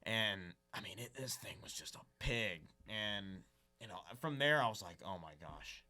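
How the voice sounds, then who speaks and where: A young man appears as a podcast guest, telling casual, rambling fishing stories and saying "dude" a lot. His lowish voice is animated, pushed and bright, at a normal speed.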